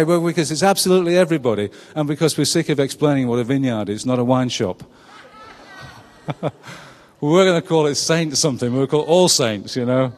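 A middle-aged pastor preaching in a relaxed, chatty way, keeping his congregation close with quick rhetorical questions. His voice carries a long church-hall reverb, and it sits at a middle pitch for a man. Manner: chatty, asks the congregation questions, laughs at his own jokes. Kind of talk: conversational sermon.

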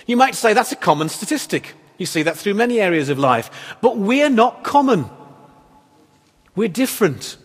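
In a church hall full of long reverb, a man preaches as pastor in a high-pitched, slightly rough voice. He speaks at a normal speed but sounds very animated, pressing his points earnestly and emphatically with rhetorical questions.

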